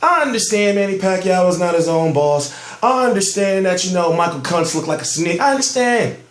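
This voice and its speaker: A man rants about boxing in a heated, profane vlog, hammering his points home. His voice sits somewhat high and sounds amped up. The room around him echoes. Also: animated, a little fast. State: amped up on soda. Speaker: boxing news commentator. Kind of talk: ranting vlog commentary.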